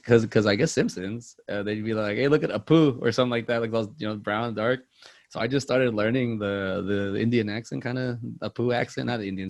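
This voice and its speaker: A man's voice: fairly low pitch, dry recording. A man co-hosting a movie podcast, chatting casually and rambling with many fillers and restarts. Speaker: podcast co-host.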